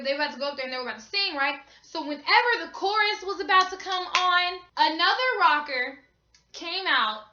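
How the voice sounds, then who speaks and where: A woman's voice: high voice, pushed and bright. A young woman from the United States telling a casual storytime on her vlog, chatty and slangy. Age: young adult. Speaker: vlogger. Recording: echoey room, slightly dull sound.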